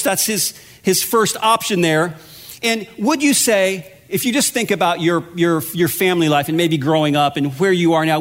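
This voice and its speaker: High-voiced man preaching a sermon. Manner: conversational, self-deprecating storytelling. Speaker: pastor. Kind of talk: sermon with personal story.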